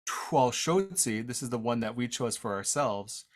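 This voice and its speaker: Casual male language teacher on a video call, mid-pitched, halting and self-deprecating, with audio that drops out from a shaky internet connection. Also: fairly even intonation. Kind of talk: online presentation talk.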